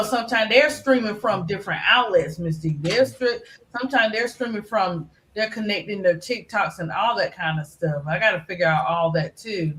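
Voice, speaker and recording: A woman's voice: fairly low pitch, fairly bright tone, reverberant. A middle-aged woman who is a regular on a livestream panel, talking in a casual, rambling way full of fillers. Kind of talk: casual chat.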